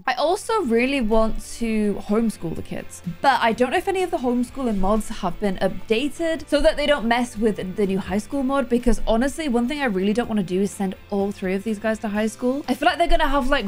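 Excitable young woman gaming. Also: mid-range voice. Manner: excitable, gasping, chatty. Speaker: gaming YouTuber. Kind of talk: casual let's-play commentary.

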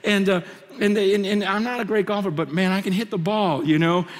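A man giving a conference sermon, telling personal stories in an animated way, full of restarts and laughter. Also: high-pitched, a little fast. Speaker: conference speaker. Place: large conference hall stage. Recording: hall reverb from a large venue.

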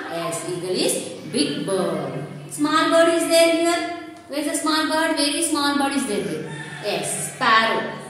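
Slow sing-song teacher woman. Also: high-pitched, a bit bright. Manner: slow, repetitive, sing-song drilling of words with "ma" tags. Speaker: kindergarten teacher. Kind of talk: classroom lesson to young children. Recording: echoey hall, distant mic, faint noise.

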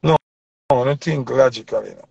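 A man's voice: mid-range voice, quick pace, creaky, a little mellow, slightly rough, no room sound, highs cut off. A man with a Jamaican accent giving an impassioned opinion rant in heavy patois, preaching and repeating his points for emphasis. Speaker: commentator.

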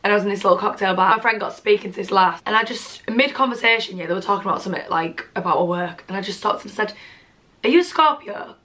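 A woman, gushing excitedly through a casual gift haul at home and swearing freely. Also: medium pitch, quick pace, few pauses. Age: 20s. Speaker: vlogger.

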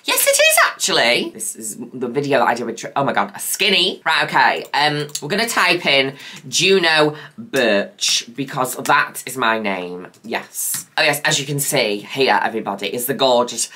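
A woman's voice: very deep voice, big pitch swings, normal speed, bright, forceful tone. A woman, a drag queen host, chatting in a camp, theatrical, self-mocking way as she reacts to an old video. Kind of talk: casual reaction commentary.

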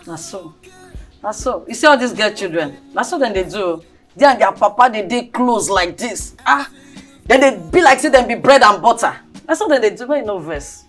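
An actress playing a cheeky, streetwise housemaid who speaks in Nigerian Pidgin and rants in a loud, drawn-out way. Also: female voice, medium pitch, lively intonation, faint music behind, lightly acted. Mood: teasing.

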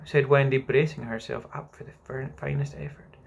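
A man reading a children's novel aloud as narrator, expressive and unhurried. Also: medium pitch, vocal fry, a little hiss or hum. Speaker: audiobook narrator. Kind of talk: scripted narration.

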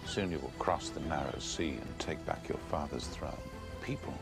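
Illyrio, a rich upper-class merchant. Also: male voice, rumbling low, normal speed, over loud music. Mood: coaxing. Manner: rich, smooth, persuasive. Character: wealthy powerful male merchant magnate.

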